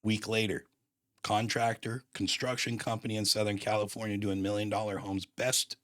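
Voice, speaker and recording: A man with a deep, low voice tells a personal story on his podcast. He talks casually and with lots of emphasis, dropping surfer slang as he goes. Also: flat delivery, moderate pace, a bit bright, dry recording, studio quality. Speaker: podcast host.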